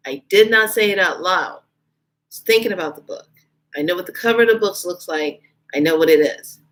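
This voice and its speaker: A woman vlogger casually telling a personal story, her voice leaping up when she quotes herself. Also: a little fast. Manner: animated, jumps high in pitch when quoting herself. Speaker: spiritual vlogger.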